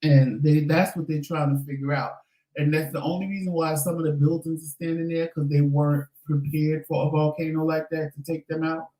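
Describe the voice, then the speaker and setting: A man's voice: on the high side, brisk, recorded from a distance. Sassy man chatting in an echoey room. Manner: sassy, animated storytelling. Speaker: co-host. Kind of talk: casual chat. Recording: echoey room, away from the mic.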